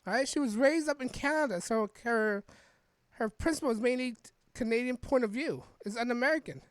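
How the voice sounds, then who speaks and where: A woman hosts a podcast and talks through the news in a loose, rambling way, restarting her sentences and tagging them with questions. Her voice sits on the higher side. The sound is dry and close, with no room around it. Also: brisk, dry recording. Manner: rambling, frequent restarts and "right?" tags. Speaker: podcast host. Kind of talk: casual political commentary reading an article.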